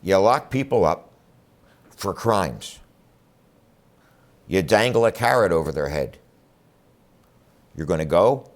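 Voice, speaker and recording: A man running for district attorney, speaking bluntly and emphatically in a campaign address. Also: lowish voice. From Philadelphia area. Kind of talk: campaign speech to camera.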